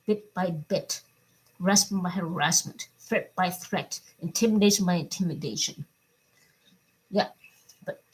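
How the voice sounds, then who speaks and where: A middle-aged woman giving a personal video update, upset and swearing, her voice swinging between loud anger and quiet, subdued talk. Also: mid-range voice, slightly rough, poor audio. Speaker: vlogger.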